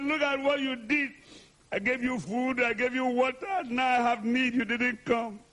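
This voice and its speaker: Guy putting on a high crying grieving woman, wailing and pleading, husky edge, voice jumps all over. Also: poor audio. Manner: wailing, reproachful.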